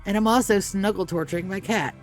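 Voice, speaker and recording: A woman's voice: mid-range voice, a little fast, faint music behind. A woman streamer in casual live-stream chat, groggy with her morning voice, rambling, swearing freely and chatting to her cat. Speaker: game streamer.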